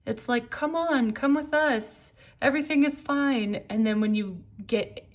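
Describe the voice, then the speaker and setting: Animated woman doing a chatty pick-a-card tarot reading, laughs a lot. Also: mid-range voice. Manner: animated, excitable, laughs often.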